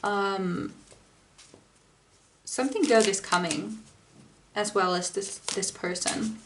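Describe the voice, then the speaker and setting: Slow, giggly woman reading tarot. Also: medium pitch, background noise. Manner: gentle, giggly, storytelling with many fillers. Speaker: tarot reader.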